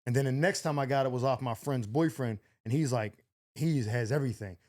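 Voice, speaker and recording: A young man telling a wild story in casual chat, animated, swearing freely and acting out the other people's lines. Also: fairly quick. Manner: animated, acts out quotes with big pitch jumps, swears freely. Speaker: podcast host.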